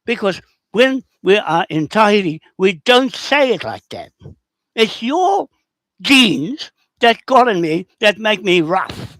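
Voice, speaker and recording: Rough-talking New man hosting a livestream, combative and repetitive, with a lively voice swinging high and low. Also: takes it slowly, no room sound. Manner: rough, confrontational, repeats himself. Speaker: livestream host answering comments. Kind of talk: rambling, combative livestream talk.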